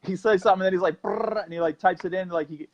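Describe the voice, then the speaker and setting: A man hosting a fitness show, leading an exercise demo and then chatting in an energetic, jokey, rambling way, a little out of breath. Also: high-pitched, rapid-fire, lo-fi sound. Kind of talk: exercise demo and casual podcast chat.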